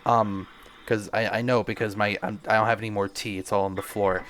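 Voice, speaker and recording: A man's voice: fairly low pitch, flat delivery, brisk, fairly bright tone, slight background noise. A man hosting a podcast, delivering a rambling, stammering comedic monologue full of crude jokes. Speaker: podcast host.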